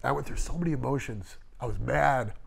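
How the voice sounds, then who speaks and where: A man's voice: medium pitch, a little fast, gravelly, slight background noise. Candid man telling stories, swearing freely. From Las Vegas. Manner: candid, emotional, swears freely, acts out quoted voices. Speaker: tattoo artist, guest. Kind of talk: casual interview storytelling.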